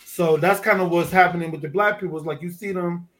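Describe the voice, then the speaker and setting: A man from Detroit with a high voice tells a story on a podcast in loose, profane street talk. He acts out every exchange, and his tone swings from loud to low. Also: fast. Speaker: podcast guest, underwater photographer. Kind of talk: casual storytelling chat.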